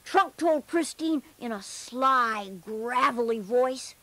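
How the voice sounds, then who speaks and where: Cheerful bear narrator, high voice, slow, gentle earnest storybook telling. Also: male voice, a crowd in the background, heavily acted.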